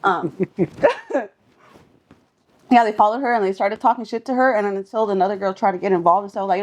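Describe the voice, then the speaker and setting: A woman's voice: mid-range voice, brisk, long pauses, lo-fi sound. A young woman from Southern California, a singer guest on a podcast, telling street stories in a casual, profane way, laughing often and acting out what people said. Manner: animated, laughing, acts out quotes.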